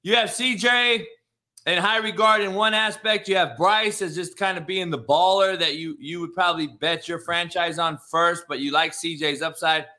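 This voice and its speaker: A man's voice: high voice, steady tone, moderate pace, sharp tone. A man hosting a casual sports talk show, loose and profane, with lots of restarts. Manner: loose, profane, restarts a lot, says "dog". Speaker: podcast host.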